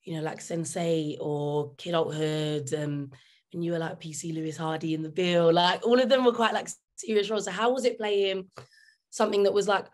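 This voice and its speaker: A woman interviewer with a hoarse, fading voice, asking long rambling questions over a video call with a giggly manner. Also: on the low side, steady tone, moderate pace, a little mellow. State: hoarse, losing her voice.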